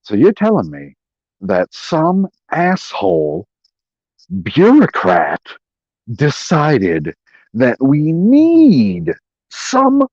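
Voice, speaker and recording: Male streamer, profane sarcastic rant, slow drawl with big pitch swings, muffled dry mic. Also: no room sound. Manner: animated, profane, sarcastic mimicry of others. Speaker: live stream host. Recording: dull, dry lo-fi stream audio.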